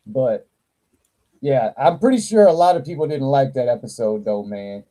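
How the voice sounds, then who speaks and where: A man hosting a casual live toy chat, talking with animated, profane energy and frequent laughter. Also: mid-range voice, rough recording. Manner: animated, profane, laughs a lot, slow drawl. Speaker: toy channel livestream host.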